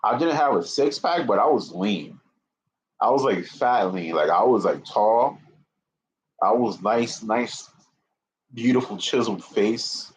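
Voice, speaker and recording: A man's voice: on the low side, lively intonation, unhurried. A man in his twenties rambling profanely on a live stream, repeating himself and slightly out of breath. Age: 20s. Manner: profane, repetitive, restarts often. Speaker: livestreamer. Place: indoor room with a fan. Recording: muffled lo-fi stream audio.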